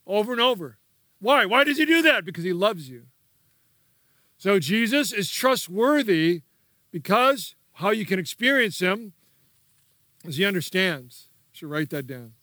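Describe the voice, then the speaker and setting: A man's voice: sits high, lively intonation, measured pace, long pauses, bright, forceful tone, no room sound, clean studio sound. A man preaching a sermon as pastor, emphatic and repetitive, prompting the congregation to repeat key words.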